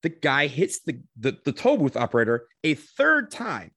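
A man telling a comedic personal anecdote, animated, swearing casually and acting out what people said. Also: fairly high pitch, moderate pace, breathy edge, no room sound, studio quality.

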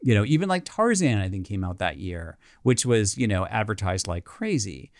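Animated middle-aged man telling stories. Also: fairly low pitch, moderate pace, no echo, clean studio sound. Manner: animated, excitable, frequent restarts and fillers. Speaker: animator guest. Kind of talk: casual interview storytelling.

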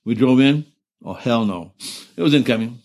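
A man's voice: mid-range voice, lively intonation, normal speed, a little mellow. An older man, a veteran, telling war stories in an oral history interview, rambling and profane, trailing off into restarts and laughing through grim memories.

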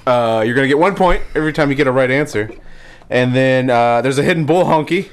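A man's voice: medium pitch, brisk, clear, resonant tone. A man hosting a podcast in casual chat, rambling and laughing often. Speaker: podcast host.

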